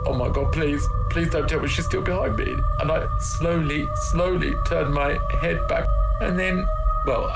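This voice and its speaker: A man's voice: a little high, vocal fry, low-quality recording. A man dramatically telling his own ghost story, sent in as a recording. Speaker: caller sharing a ghost story.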